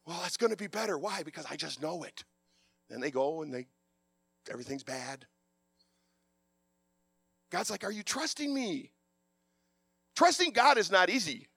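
A man preaching a sermon, passionate and animated, with a loud voice. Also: a little high, normal speed, vocal fry, long pauses, breathy edge, no room sound.

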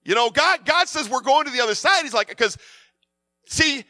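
A man preaching a sermon in a conversational way, acting out quotes and swinging from quiet to loud. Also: very high voice, animated, normal speed, no room sound. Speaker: pastor.

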